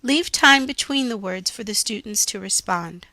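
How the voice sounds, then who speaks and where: A woman reading out scripted teaching instructions in a slow, deliberate, carefully enunciated way. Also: medium pitch, lively intonation, sharp tone, no room sound.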